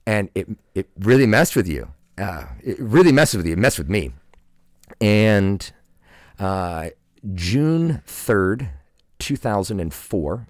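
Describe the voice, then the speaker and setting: A man's voice: low voice, no echo, clean studio sound. A man in his forties, a podcast guest, telling an earnest, reflective personal story in casual conversation. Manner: earnest, reflective, frequent restarts and "like".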